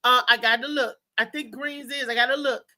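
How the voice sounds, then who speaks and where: Animated, bright-voiced woman host. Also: high voice, a little fast. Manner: animated rambling storyteller, laughs often. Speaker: talk show host. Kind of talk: casual live show chat.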